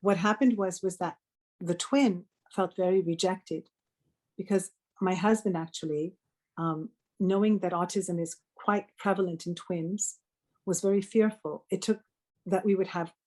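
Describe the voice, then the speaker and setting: A woman's voice: fairly low pitch, fairly even intonation, a little slow, a little mellow. A middle-aged woman, a spiritual healer guest on a podcast, telling a personal story in an earnest conversational way with frequent restarts and self-corrections.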